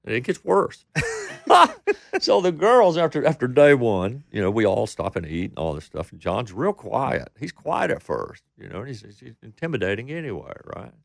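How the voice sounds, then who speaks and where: With a medium-pitched, sing-song voice, moderate pace, and vocal fry, a Texan country singer tells rambling stories in an interview. He mimics the voices of the people he quotes, and the studio-quality recording has no room sound.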